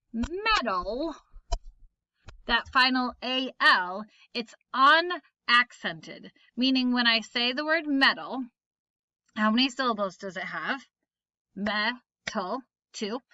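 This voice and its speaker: A woman teacher recording a phonics lesson, explaining patiently and slowly with example words. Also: fairly high pitch, pushed and bright, dry recording, dull audio.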